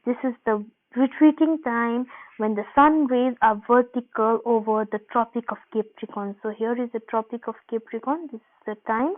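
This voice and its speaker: A woman teaches a geography lesson in a slightly high voice, walking students through each step and restating her points. Her lecture comes through thin, tinny audio that sounds like a phone line. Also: moderate pace. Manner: explanatory, repeats points, frequent "uh" and "um". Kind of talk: recorded online class lecture.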